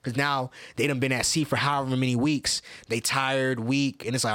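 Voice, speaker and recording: A man's voice: mid-range voice, clean tone, no room sound. A man co-hosting a podcast, telling loose, profane stories in casual chat and jumping his voice around as he goes. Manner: loose, profane, animated storytelling with quick voice shifts. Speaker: podcast co-host.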